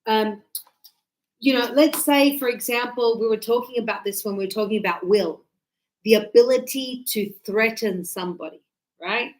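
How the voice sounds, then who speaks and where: A woman teaching a class, chatty and animated, acting out birds and her students as she explains. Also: a little high, moderate pace, poor audio. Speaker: English teacher.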